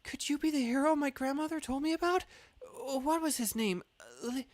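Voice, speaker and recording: Guy putting on a high flustered girl voice, shy young villager, stammers a lot. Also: expressive, normal speed, dry recording.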